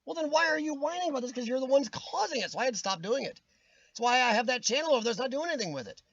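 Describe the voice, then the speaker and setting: A man's voice: very high voice, big pitch swings, very fast, a bit bright, dry recording, lo-fi sound. A man hosting a casual live-stream chat, ranting with strong opinions and answering viewers' comments by name, his voice starting to wear out. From United States. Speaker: livestream host reading chat.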